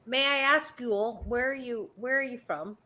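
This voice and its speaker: A middle-aged American woman with a lilt hosts a loose, chatty stream. Her voice is bright and forward, and she talks bluntly, swearing freely in a casual way. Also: a little high, normal speed. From United States. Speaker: stream host. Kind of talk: casual chat.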